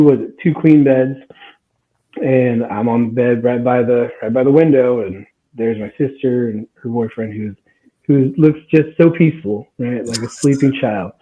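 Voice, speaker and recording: Twenties guy rambling through a story, laughs a lot, tinny phone-ish audio. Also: medium pitch. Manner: animated, laughing, acts out quotes. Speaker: guest storyteller. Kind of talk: casual podcast storytelling.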